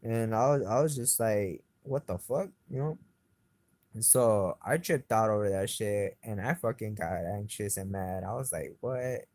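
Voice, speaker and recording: A man's voice: lowish voice, normal speed, darkish tone, no room sound. A man telling his story in a rambling, profane way, full of fillers and dropping into Spanish words as he goes. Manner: agitated, keeps retelling his frustration. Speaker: interviewee recounting events. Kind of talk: casual spoken monologue.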